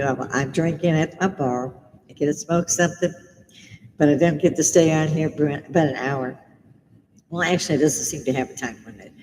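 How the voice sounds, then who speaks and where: A woman's voice: deep voice, darkish tone, big-room sound, slight background noise, low-quality recording. A middle-aged woman from Britain hosting a casual livestream from her home bar, blunt and swearing as she rants. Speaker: live stream host.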